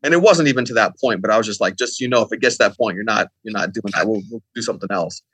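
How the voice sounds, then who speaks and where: Fast-talking man telling a story. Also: fairly low pitch, fairly bright tone, husky, no echo. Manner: rambling, lots of fillers and quoted dialogue. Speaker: podcast guest. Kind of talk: casual storytelling.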